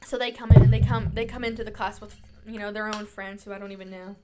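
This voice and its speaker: A young woman hosts her own solo podcast, chatting casually and at length, packed with fillers and self-reassurance, and describing herself as shy and introverted. She speaks fast in a level, medium-pitched tone over loud music.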